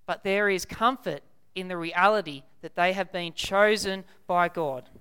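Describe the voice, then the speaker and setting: A young Australian man preaching a sermon, stressing key words by repeating them slowly. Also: sits high, bright, forceful tone, clean tone.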